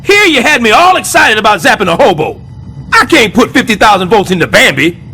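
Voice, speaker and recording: An actor voicing a blustering middle-aged building super in an animated sitcom, boastful and sarcastic. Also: male voice, high-pitched, a little fast, a little hiss or hum, exaggerated voice.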